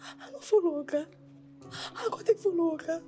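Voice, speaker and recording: An actress playing a young Nigerian house cook who pleads and sobs, stammering, with a Nigerian accent. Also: female voice, very high voice, fairly quick, dark tone, soft background music. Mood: crying. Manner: sobbing, stammering pleas.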